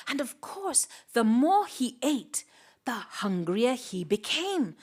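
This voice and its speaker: A woman storyteller telling a folktale live, dramatic and expressive, with sound effects and whispered asides. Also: a little high, slow pace.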